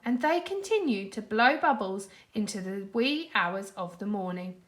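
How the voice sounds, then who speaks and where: A primary school teacher with a British accent reading a storybook aloud to children, expressive and animated. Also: female voice, mid-range voice, normal speed, hardly any pauses. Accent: British English.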